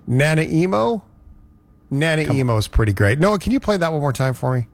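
A man's voice: on the high side, sing-song, moderate pace. A man hosting a radio show, chatting casually and joking with his co-host. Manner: playful, laughs often. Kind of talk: casual chat.

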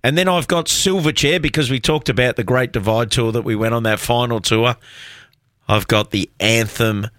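A man's voice: medium pitch, normal speed, a bit bright, dry recording, studio quality. An Australian man hosting a community radio music show, chatting casually and rambling with self-deprecating asides. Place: radio studio.

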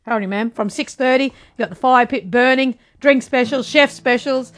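A woman's voice: high voice, measured pace. A woman hosting a radio show, chatting and teasing with lots of laughter. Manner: giggly, teasing. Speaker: radio host. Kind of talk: casual radio banter.

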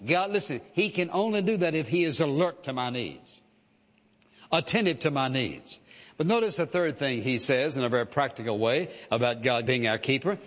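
A man's voice: medium pitch, animated, normal speed. A man preaching a sermon in a conversational way, with many "uh" fillers and "listen" asides. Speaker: pastor. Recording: reverberant hall, dull lo-fi sound.

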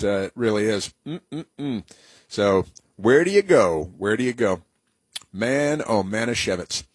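A man's voice: medium pitch, husky, no echo. A man hosting a radio talk show, sarcastic and rambling, with many fillers and restarts.

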